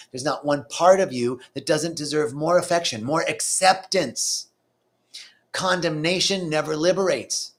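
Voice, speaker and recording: A man's voice: a little high, a bit bright. A man giving a spiritual talk, earnest and conversational, now and then acting out inner voices with a curse. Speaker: spiritual teacher. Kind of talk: live-streamed spiritual talk.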